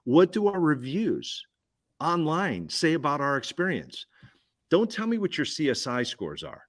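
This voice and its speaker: A man giving an energetic business pitch at a roundtable, punchy and repetitive, firing questions at the listener. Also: a little slow. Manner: punchy, repeats key phrases, asks listener questions. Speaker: guest speaker.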